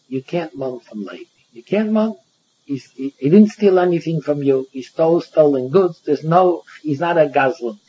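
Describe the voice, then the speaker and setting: Male Talmud lecturer, high-pitched and husky, animated, plays out both parties, lo-fi sound. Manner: animated, acts out both sides of the case. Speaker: Talmud teacher. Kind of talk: Talmud lecture in Yeshivish English. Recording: dull lo-fi recording.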